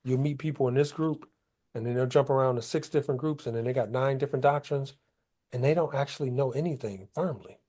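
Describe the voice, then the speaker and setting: Speaking fast and warmly in a mid-range voice, this man runs a conversational Bible study. He puts the scripture into colloquial street talk, keeping the teaching relaxed and everyday.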